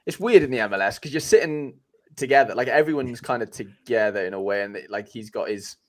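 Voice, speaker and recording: A man hosting a podcast in a loose, chatty way. He rambles, doubles back and restarts his sentences, filling gaps with "um" and "like". His voice sits at an ordinary pitch for a man. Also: fast. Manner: rambling, many fillers and restarts. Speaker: podcast host. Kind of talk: casual chat.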